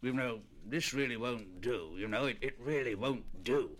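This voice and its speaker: A man's voice: medium pitch, normal speed, fairly bright tone, close to an everyday voice. A man doing a fussy, dithering zoo director. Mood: fussy reproach. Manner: repetitive, dithering, tutting. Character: fussy, mildly cross male zoo director. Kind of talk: storybook record reading.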